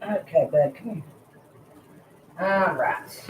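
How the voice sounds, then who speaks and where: A woman's voice: lowish voice, unhurried, pauses often, echoey room, slight background noise, low-quality recording. A woman hosting a casual live stream, loose and swearing freely while she chats with viewers and fusses over her pets. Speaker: livestream host.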